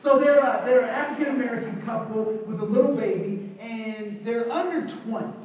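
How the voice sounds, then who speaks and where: A man speaking to a live audience as a trainer, telling an animated story and acting out the people in it while checking in with his listeners. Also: extremely high pitch, moderate pace, a little hiss or hum. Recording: very echoey hall, far from the mic, lo-fi.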